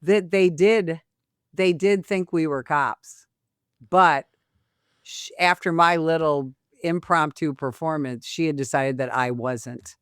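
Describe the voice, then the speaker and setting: A woman's voice: deep voice, slow pace, clean tone, no room sound, clean studio sound. A woman from Illinois, a retired police sergeant, telling a story in a casual interview and acting out the voices of the people in it. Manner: animated storyteller, acts out quoted voices.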